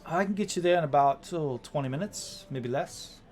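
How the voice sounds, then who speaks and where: A man's voice: on the high side, moderate pace, darkish tone, voice pushed up, lightly acted. A man voicing a cheerful young woman who drives a flying coach, eager and helpful.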